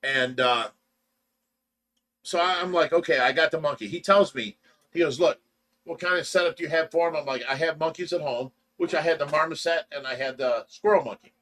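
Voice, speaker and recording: Midwestern American male host, high and bright, tells stories loudly and animatedly on a casual livestream. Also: a little fast. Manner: animated, shouts and mimics in the telling. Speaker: show host telling a story.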